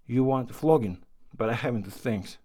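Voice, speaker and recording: A man's voice: medium pitch, moderate pace, dark tone, lightly acted. A man reading a story aloud and voicing an indignant aunt who berates the mother. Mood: hectoring. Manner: indignant, hectoring, scornful. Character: sharp-tongued meddling aunt.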